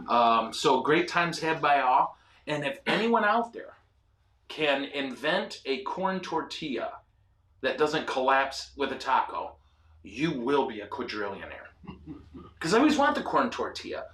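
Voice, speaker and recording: A man hosting a casual ministry show, telling animated, self-deprecating stories with lots of fillers. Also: medium pitch, a little slow, roomy sound, distant mic. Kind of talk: casual storytelling chat. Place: ministry studio.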